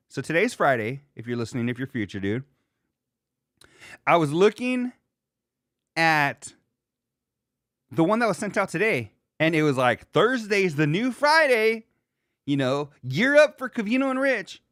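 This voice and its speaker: A male podcast host rambles through a casual solo chat, full of slang and quick asides. His pitch swings widely, and he jumps up high when he acts out quoted lines. The sound is dry and close, with no room echo. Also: a bit bright.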